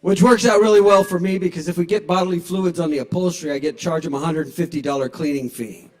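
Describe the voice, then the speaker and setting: A man's voice: fairly high pitch, fairly even intonation, fast talker, darkish tone. A man in his sixties doing a stand-up comedy set in a small bar, telling wry, profane stories into a stage microphone. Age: 60s.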